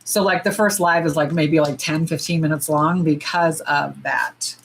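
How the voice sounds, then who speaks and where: A middle-aged woman hosts a casual nail polish livestream, chatting while swatching, bluntly and animatedly with plenty of swearing and sudden loud squeals. Her low, creaky voice keeps a moderate pace on a low-quality recording with a little hiss or hum.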